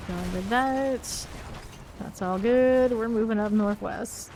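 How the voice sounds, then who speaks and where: A woman's voice: fairly high pitch, takes it slowly, a little mellow, a little hiss or hum. A woman casually commenting while streaming a video game, chatting with viewers and laughing often. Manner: chatty, reads chat aloud, laughs often.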